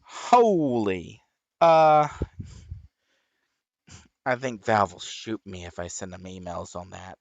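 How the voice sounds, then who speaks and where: A man chatting casually as he plays a game, rambling with sudden high excited whoops. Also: slow pace, pauses often, no echo. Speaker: gaming streamer. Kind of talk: casual chat while playing.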